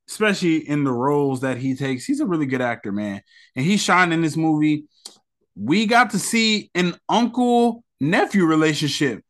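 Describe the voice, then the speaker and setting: Young male podcast host, casual movie review, slangy and animated, voice sits a bit high. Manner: animated, slangy, re-enacts scenes with quoted voices.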